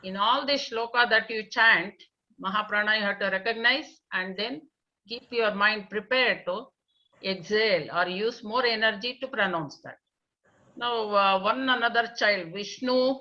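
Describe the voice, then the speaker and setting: A woman's voice: mid-range voice, pushed and bright. Patient woman teaching children online. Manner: patient, repeats answers and praises; chants verses slowly for pupils to echo. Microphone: video call. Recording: dull lo-fi online call.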